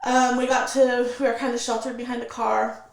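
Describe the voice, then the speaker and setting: Gravelly-voiced woman in a roomy space. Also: on the high side, brisk. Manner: steady, vivid recounting with quoted dialogue. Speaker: interview guest. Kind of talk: personal storytelling in an interview.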